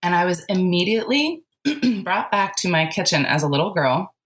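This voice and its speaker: A woman's voice: on the low side, very animated, normal speed. A woman telling a childhood story in a casual spiritual chat, laughing often and using lots of fillers. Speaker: podcast guest.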